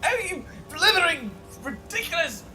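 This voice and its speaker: A man playing a pompous, commanding character who scolds in a shrill, indignant shout. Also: big pitch swings, normal speed, soft background music, exaggerated voice. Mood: furious.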